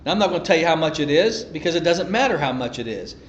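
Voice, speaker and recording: A middle-aged man preaching a sermon, telling a personal story in an animated way that often repeats and restarts phrases. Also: a little high, quick pace, echoey room, slight background noise.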